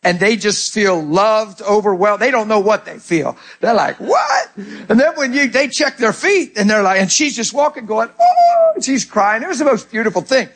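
A male pastor preaching, telling stories with lively acted-out quotes and quick restarts. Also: high voice. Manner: animated storytelling with repeated starts and acted-out quotes. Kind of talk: sermon.

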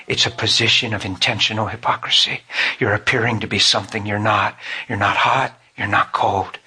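A man's voice: on the high side, sharp tone, breathy edge. A man preaching a sermon, telling a personal story with fervent, emotional storytelling.

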